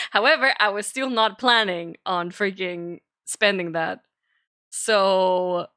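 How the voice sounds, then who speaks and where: A woman's voice: medium pitch, bright, forceful tone, no room sound, clean studio sound. A woman streamer ranting in casual chat to her viewers, swearing a lot and sounding exasperated.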